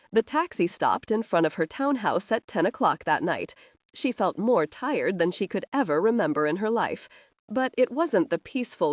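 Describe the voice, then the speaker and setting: A woman narrating a romantic suspense audiobook in a measured storytelling manner, close to the mic. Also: on the low side, no room sound. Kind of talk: scripted narration.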